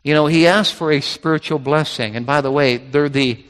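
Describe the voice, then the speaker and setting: A man's voice: on the high side, fairly even intonation, normal speed, a bit bright, clear, resonant tone. A man preaching a sermon from scripture, with emphatic, repetitive phrasing that builds in intensity. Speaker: pastor. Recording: reverberant hall.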